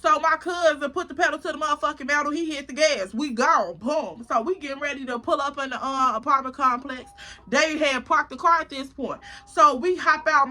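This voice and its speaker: A woman vlogger telling a story in a casual, animated and profane way, acting out the drama. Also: sits high.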